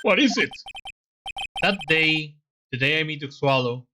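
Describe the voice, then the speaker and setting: A woman's voice: low-pitched, lively intonation, a little slow, background noise. A woman voicing a young, earnest male defense attorney, hesitant and apologetic. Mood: remorseful. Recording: game music behind.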